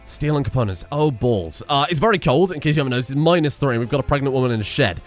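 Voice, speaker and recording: A man giving chatty, excitable commentary while playing a game, swearing often. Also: mid-range voice, fast talker, few pauses, soft background music. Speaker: gaming streamer. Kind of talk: casual gameplay commentary.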